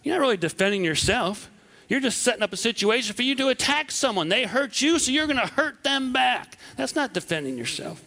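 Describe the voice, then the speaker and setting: A man from southwest Wisconsin preaching a sermon, animated and acting out the voices he quotes. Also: extremely high pitch, brisk.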